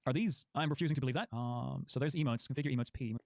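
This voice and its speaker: A man giving excitable gameplay commentary, exclaiming and laughing often. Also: medium pitch, racing, gravelly, background noise. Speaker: gaming video creator. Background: background music.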